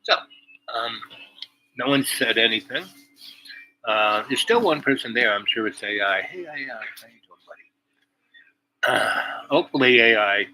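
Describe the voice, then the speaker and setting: Bright-voiced rambling male vlogger. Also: on the low side, a little hiss or hum, poor audio. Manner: meandering storyteller, drifting between anecdote and musing. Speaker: vlog host. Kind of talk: rambling casual monologue.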